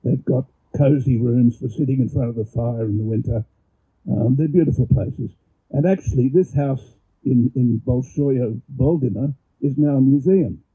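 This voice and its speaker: A man giving an informal explanatory talk and reading poetry aloud, halting and often repeating words as he goes, measured when he reads verse. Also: mid-range voice, breathy edge. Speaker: presenter. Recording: dull lo-fi recording.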